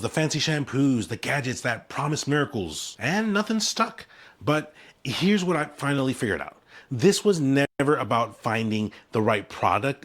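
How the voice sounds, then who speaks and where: A man in his forties talking to camera in an upbeat, punchy promotional style, selling his own hair routine in short emphatic phrases. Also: on the high side. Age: 40s. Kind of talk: scripted promotional talk to camera.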